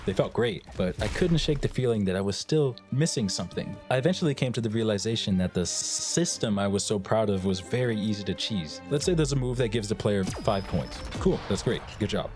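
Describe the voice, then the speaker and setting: A man's voice: on the low side, a little mellow. A young man narrating his game development with a joking, self-mocking manner. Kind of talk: scripted devlog narration.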